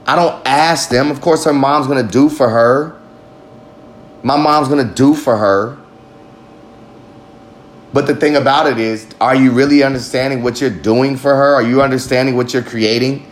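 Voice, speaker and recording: A man's voice: medium pitch, steady tone, moderate pace, a little hiss or hum. A man hosting a podcast, talking in a rambling, profane, emphatic monologue. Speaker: podcast host. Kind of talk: casual monologue.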